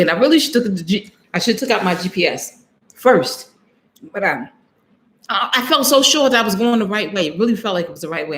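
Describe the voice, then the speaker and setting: A woman's voice: fairly low pitch, animated, moderate pace. A woman vlogger telling a travel story on a live stream, chatty, laughing often and acting out what she said, and talking straight to her viewers.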